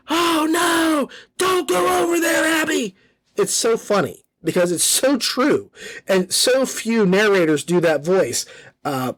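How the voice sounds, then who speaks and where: Upbeat, slightly high-voiced male podcast host. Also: no echo. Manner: enthusiastic, chatty, repeats himself. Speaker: podcast host reviewing audiobooks. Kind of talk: casual spoken review.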